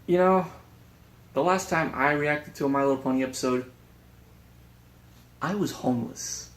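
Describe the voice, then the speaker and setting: A man's voice: fairly high pitch, moderate pace, a bit bright. A man introducing a reaction video in a chatty, slightly hesitant way. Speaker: video host.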